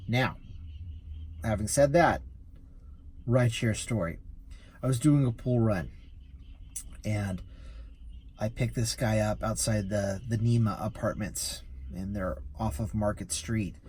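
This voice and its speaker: A man's voice: on the low side, a little mellow, a little hiss or hum. A man who drives for rideshare, telling a story in a casual vlog, easily amused and rambling with restarts.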